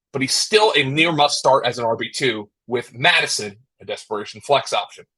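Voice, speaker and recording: Male fantasy football news host, lively delivery, husky edge, quick jokes between updates. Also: a little high. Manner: joking, self-deprecating asides.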